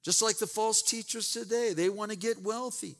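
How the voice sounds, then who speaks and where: A man's voice: high voice, steady tone, moderate pace. A man preaching a sermon, retelling scripture with emphatic asides and repeated words. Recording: long reverb in a large hall.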